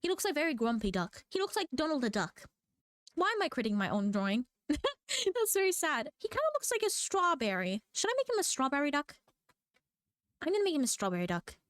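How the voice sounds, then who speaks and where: A woman with a bright, high voice rambles playfully into a desk microphone while she draws her manga. She giggles often, teases herself and pops out little squeaky cries of delight. The sound is close and dry, with no room around it. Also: no echo. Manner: giggly, scatterbrained, playful, self-mocking; bursts into squeaky exclamations. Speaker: manga artist drawing on stream. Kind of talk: rambling casual chat while drawing.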